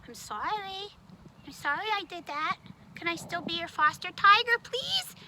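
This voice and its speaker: A woman voicing a squeaky, excitable tiger puppet. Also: normal speed, noisy background. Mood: pleading. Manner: whiny, dramatic, swings between pleading and excitement. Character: young male tiger puppet, excitable and dramatic. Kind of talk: children's puppet show.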